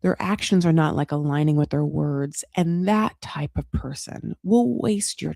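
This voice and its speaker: A woman's voice: sits low, unhurried, gravelly, few pauses, dark tone, no echo, studio quality. A woman hosting a casual reality TV recap, chatty and frank, swearing freely and putting on dramatic voices when she quotes people. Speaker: recap show host.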